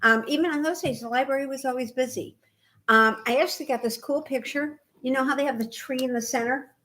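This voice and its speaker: Woman, podcast co-host, casual chat, rambling animated storyteller, fairly high voice. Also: fairly quick.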